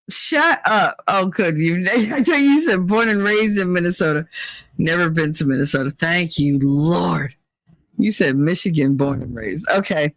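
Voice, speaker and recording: A woman's voice: lowish voice, no echo. Playful woman livestreamer, dry close sound. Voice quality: laughs often, playful and teasing. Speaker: livestream host. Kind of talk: casual chat with live chat.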